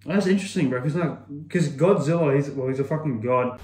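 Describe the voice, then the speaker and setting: A man's voice: medium pitch, fairly quick, music in the background. Casual young Australian man, roomy sound. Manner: casual and chatty, swears often, says "bro" a lot. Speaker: YouTuber. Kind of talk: casual vlog answering would-you-rather questions.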